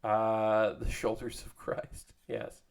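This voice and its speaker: A man's voice: lowish voice, monotone, slow pace, clean tone. A man hosting a casual live stream, chatting in a rambling way with many fillers while he assembles a model kit. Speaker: streamer building model kits.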